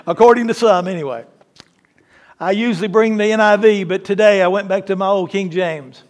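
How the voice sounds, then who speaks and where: A man preaching a sermon as lead pastor, chatting with the congregation and then slowing and rising hard on key words. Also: sits high. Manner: emphatic preaching, slows and rises on key words; conversational asides to the congregation.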